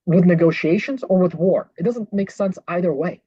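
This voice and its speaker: Reacting to clips with political commentary, a podcast host delivers indignant, sarcastic rebuttals a little fast and with few pauses. The husky, mid-range voice is mellow, and the dull, lo-fi recording is dry with no room sound.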